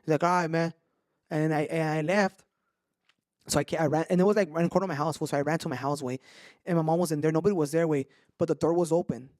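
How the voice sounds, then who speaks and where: A podcast host with a high voice talks fast as he tells ghost stories in a casual chat. He's animated, swears a lot, and mixes in Spanish slang, and the sound is studio quality with no echo.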